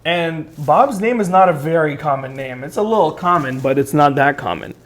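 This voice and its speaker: A man with a slightly higher voice tells a spooky story in easygoing chat. He rambles with lots of fillers and acts out the people in his tale. He talks from a studio while makeup is done on him. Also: moderate pace. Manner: animated, filler-heavy storytelling with acted quotes. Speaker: storyteller and co-host.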